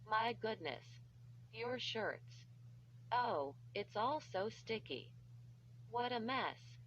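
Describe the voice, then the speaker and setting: A woman's voice: on the high side, lively intonation, extremely slow, fairly bright tone, slight background noise, heavily acted. A woman reading the part of a flustered, scolding mother in an audiobook. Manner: exasperated, scolding. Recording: dull lo-fi recording.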